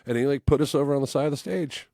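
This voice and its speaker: A man's voice: mid-range voice, very fast, warm tone, no room sound. A man in his forties, a musician guest on a podcast, telling stories casually, acting out voices and swearing freely. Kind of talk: casual storytelling chat.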